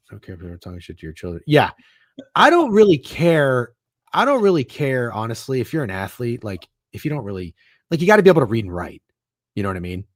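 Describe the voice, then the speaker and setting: A man's voice: mid-range voice, big pitch swings, a little fast, no room sound, clean studio sound. A man co-hosting a casual sports podcast, talking in profane, exasperated rants. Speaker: podcast co-host.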